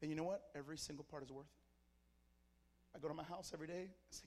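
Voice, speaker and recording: A man's voice: fairly high pitch, steady tone, fairly quick, a little mellow, long reverb tail. A man from Mexico preaching to a church congregation, fervent and telling stories in short, punchy phrases. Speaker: pastor. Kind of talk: sermon. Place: church service.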